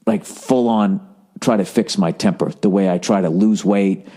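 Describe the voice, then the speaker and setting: A man's voice: on the low side, moderate pace, mellow, slightly rough. A man in his forties from the United States, a podcast host and comedian, rambling in a profane, self-mocking monologue. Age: 40s.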